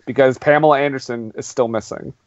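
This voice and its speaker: A man hosting a casual podcast chat, excitable and laughing often. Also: mid-range voice, a little fast, dry recording, muffled recording. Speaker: podcast host.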